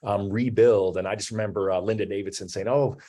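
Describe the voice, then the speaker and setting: A man in his forties hosts an online business talk, his voice sitting fairly low. He speaks in a loose, conversational way, leaning on "you know" and "um" as he thinks aloud. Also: flat delivery, fast, mellow. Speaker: host. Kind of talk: webinar talk.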